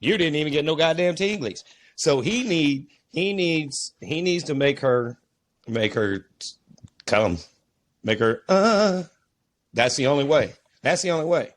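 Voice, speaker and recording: Profane, animated man on a podcast. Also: fairly high pitch, measured pace. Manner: animated, profane, puts on mocking voices for stories. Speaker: podcast co-host, father. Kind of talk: casual profane chat.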